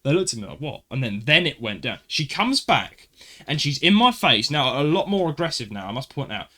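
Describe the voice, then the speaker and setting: A man who hosts a podcast and tells a story in an animated way, acting out the dialogue with frequent "I was like" asides. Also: medium pitch, fairly quick. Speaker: podcast co-host. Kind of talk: casual storytelling.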